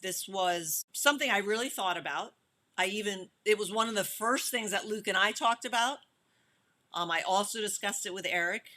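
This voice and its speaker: A middle-aged woman film director speaks at a normal speed in a mid-range voice during a casual interview. She's animated, laughs often, and keeps restarting her sentences.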